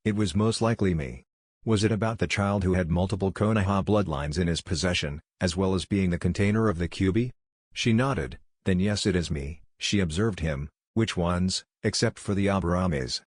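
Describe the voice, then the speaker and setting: Low-voiced guy reading fanfic out loud, steady and even, dry close mic. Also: no echo. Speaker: narrator. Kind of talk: scripted fan-fiction narration.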